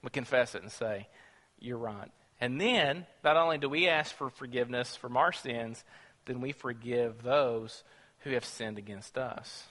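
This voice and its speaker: A man's voice: medium pitch, moderate pace, fairly bright tone, in a large hall. A man preaching a sermon to his congregation, emphatic and full of rhetorical questions.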